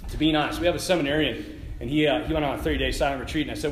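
A man, a priest, giving an informal sermon at a prayer retreat, animated and laughing as he tells stories. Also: on the high side, fast, a little hiss or hum. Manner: animated, laughing, conversational storyteller. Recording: echoey room.

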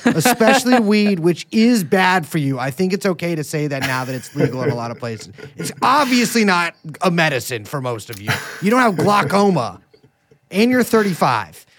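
A man's voice: on the high side, very animated, brisk, fairly bright tone, slight background noise. A man co-hosting a podcast, chatting casually and joking around with put-on voices. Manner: jokey, slips into silly put-on voices. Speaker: podcast co-host. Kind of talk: casual comedic banter.

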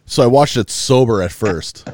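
A man's voice: medium pitch, expressive, normal speed, darkish tone, no echo. A man co-hosting a podcast, telling a long story in casual chat, loose and profane with lots of restarts, sounding tired. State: yawning, tired. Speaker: podcast co-host.

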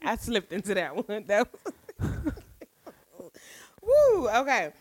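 A young woman co-hosting a casual podcast with a high, bouncy voice. She is loud, goofy and profane, and laughs a lot. The sound is close and dry, with no room behind her. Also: huge pitch swings, slow, no room sound. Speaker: podcast co-host.

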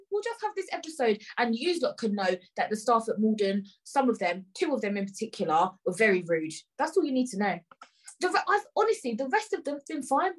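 A woman's voice: on the high side, very animated, brisk, rough recording. A woman hosting her own podcast, tired and upset, ranting heatedly in slangy speech and repeating phrases. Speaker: podcast host. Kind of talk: angry ranting monologue.

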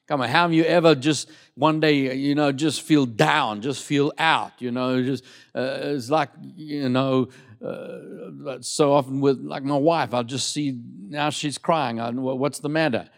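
A middle-aged male pastor preaching a lively sermon in church, leading the congregation in call-and-response. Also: mid-range voice, unhurried, creaky.

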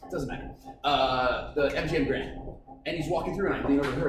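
A man's voice: medium pitch, fast, recorded from a distance. A man bantering and telling profane comic stories on a podcast, laughing often. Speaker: podcast co-host. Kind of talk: crude comedic banter. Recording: echoey room, off-mic, noisy.

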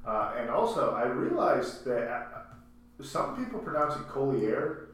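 This podcast co-host has a medium-pitched, sing-song voice with a bit of brightness, speaking a little slowly. Picked up by a distant mic in an echoey room with a faint hum, he talks casually about his soccer team, rambling, self-correcting and laughing a lot.

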